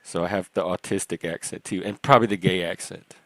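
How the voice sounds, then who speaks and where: Chatty Southern-accented man, lowish voice. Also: steady tone, fast talker, a bit bright, no echo. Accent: mixed Southern US, part Cajun. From American South. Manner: chatty, playful, self-deprecating. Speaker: host. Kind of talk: casual group chat.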